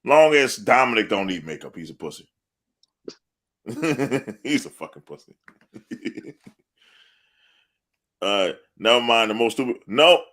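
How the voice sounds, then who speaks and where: A man's voice: medium pitch, animated, takes it slowly, long pauses, a bit bright. A man co-hosting a wrestling podcast, talking loosely, cursing and laughing often. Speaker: podcast co-host. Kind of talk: casual wrestling chat.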